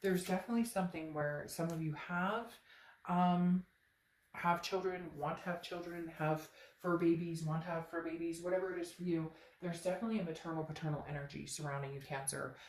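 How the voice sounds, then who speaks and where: A woman giving a casual, chatty tarot reading to camera, talking emphatically and straight to her viewers. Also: low-pitched. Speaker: tarot reader. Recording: roomy echo, faint background noise.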